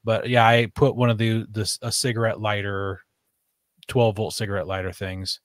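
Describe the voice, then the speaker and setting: Rambling low-voiced man. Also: level tone, normal speed, dry recording, studio quality. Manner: rambling, many restarts and fillers. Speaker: podcast host. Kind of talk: casual chat.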